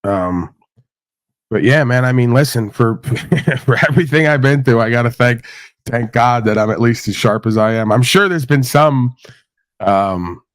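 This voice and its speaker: A man's voice: mid-range voice, a little slow, no echo. A man hosting a casual livestream chat, talking bluntly and profanely about his past and laughing often. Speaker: host.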